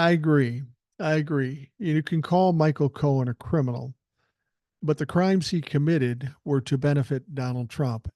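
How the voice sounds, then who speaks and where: A man's voice: a little high, dark tone, dry recording, clean studio sound. An older man hosting a political podcast, reading listener emails aloud and answering them in a blunt, emphatic way that includes swearing. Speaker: podcast host.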